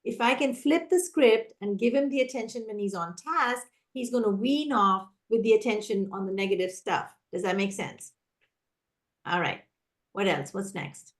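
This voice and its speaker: A woman trainer answering teachers' questions in a live online session, energetic and animated, often acting out how a teacher talks. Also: mid-range voice, moderate pace. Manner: energetic, animated, acts out teacher and child voices. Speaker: classroom management trainer.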